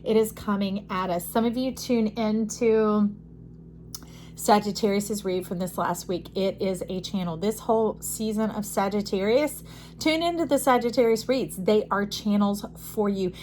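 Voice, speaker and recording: A woman's voice: mid-range voice, normal speed, a little mellow, slight background noise. A woman giving an intuitive tarot reading, talking emphatically to the listener as a friend and making declarations. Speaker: tarot reader.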